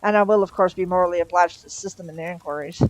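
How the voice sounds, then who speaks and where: A woman voicing a fussy, gentle male angel in a storybook reading, prim and mild. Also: on the low side, steady tone, rapid-fire, dry recording, natural voice, poor audio. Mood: urgent.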